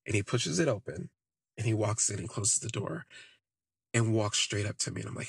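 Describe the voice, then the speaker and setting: A man's voice: on the low side, moderate pace, creaky, breathy edge, dry recording. A man hosting a podcast, telling a personal story in a candid, rambling way, full of "like" fillers. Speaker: podcast host. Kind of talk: casual first-person storytelling.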